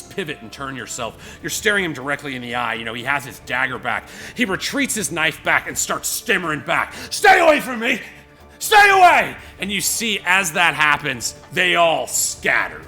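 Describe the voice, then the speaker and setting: Dude running a tabletop game, super bright tense voice, rambles and acts stuff out. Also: male voice, fairly high pitch, fairly quick, hardly any pauses, soft background music. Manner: rambling, lots of "you know" and "like"; animated, acts out scenes. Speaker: game master.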